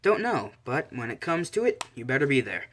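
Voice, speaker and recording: A man's voice: mid-range voice, very animated, fairly quick, fairly bright tone, slight background noise. A man voicing a cocky, sarcastic young male assassin working as a bodyguard, in an offhand way. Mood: sardonic.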